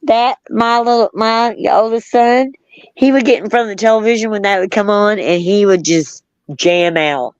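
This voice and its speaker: A middle-aged woman talks in a loose, rambling way as the host of a casual chat, drifting between memories and viewer comments and laughing often. Her voice sits at an ordinary pitch for a woman. It comes through a close, dry mic with dull, lo-fi sound. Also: normal speed, clean tone, no echo. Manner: rambling, reminiscing, with frequent laughs.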